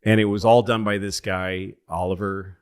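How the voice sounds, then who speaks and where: A man tells long comedic stories in a loose, rambling way. He corrects himself as he goes and swears casually. His voice sits on the low side. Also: level tone, normal speed, clear, resonant tone. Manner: rambling, self-correcting, profane.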